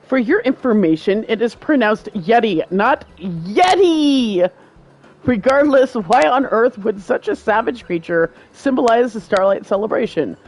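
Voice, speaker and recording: A woman's voice: on the high side, animated, moderate pace, hardly any pauses, voice pushed up. A woman reading the lines of a formal, lecturing male folklore professor from a game, quizzing and stumbling over long words. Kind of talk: reading game dialogue aloud.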